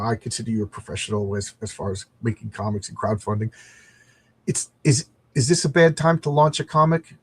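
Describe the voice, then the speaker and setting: A husky, slightly rough-voiced middle-aged man talks in a loose, rambling way, hosting a casual livestream. He gets enthusiastic and stumbles over his words as he chats with viewers, in a voice of ordinary middle pitch. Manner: rambling and enthusiastic, frequent restarts. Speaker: comics livestream host.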